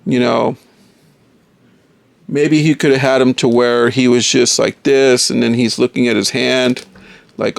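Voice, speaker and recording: A man's voice: medium pitch, little pitch movement, unhurried, gravelly, pauses often, no echo. A man casually reviewing a toy figure, enthusiastic and often calling viewers folks.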